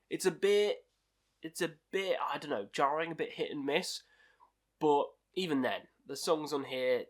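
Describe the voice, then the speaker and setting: A man hosting a casual album ranking review, chatty and opinionated, with lots of ums and likes. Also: on the high side. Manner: chatty and opinionated, with many fillers. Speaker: music reviewer host.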